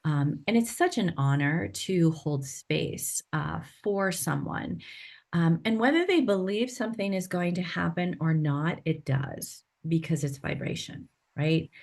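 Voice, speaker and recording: Calm woman sound healer, slightly low. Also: measured pace, vocal fry. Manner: calm and explanatory, often ends with "right?". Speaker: sound healer, podcast guest. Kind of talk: interview conversation.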